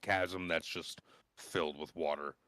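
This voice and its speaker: A man's voice: very deep voice, steady tone, measured pace, pushed and bright, smooth, dry recording. A young man running a tabletop game as game master, narrating in a loose, slangy way.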